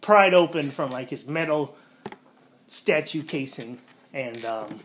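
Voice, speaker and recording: A man hosting a casual podcast, rambling through a movie plot with lots of fillers and quick voiced-out quotes. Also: on the high side, expressive, a bit bright, slight background noise. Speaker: podcast host.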